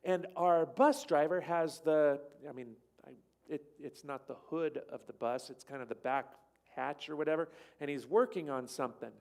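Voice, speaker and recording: A man with a slightly high voice tells a travel story to a church gathering over slides. He rambles from point to point and slips into the voices of the people he quotes. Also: moderate pace, gravelly, darkish tone. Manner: rambling, acts out quoted dialogue. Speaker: church speaker.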